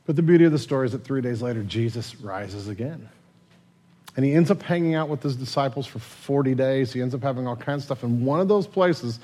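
Storytelling male preacher, casual and dynamic. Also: fairly high pitch. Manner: casual storytelling, swings from loud and lively to hushed and tender. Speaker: pastor. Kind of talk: sermon.

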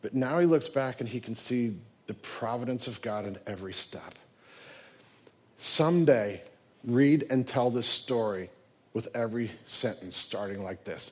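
A man preaching a sermon, telling a Bible story in an animated way and acting out its voices. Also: medium pitch, normal speed, husky. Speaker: pastor.

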